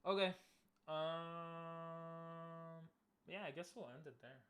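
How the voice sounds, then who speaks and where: Male streamer, casual chat with viewers, slightly high voice, easygoing, laughs a lot. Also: moderate pace, fairly bright tone. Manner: chatty, easygoing, laughs often.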